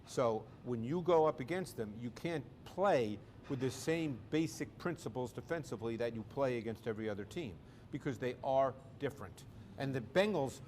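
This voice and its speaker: A man with a New York accent speaking at a middle pitch, laying out football schemes point by point. He is measured and emphatic, and there is a faint hiss of background noise under his voice. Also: a little mellow. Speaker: football analyst. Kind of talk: pregame panel discussion.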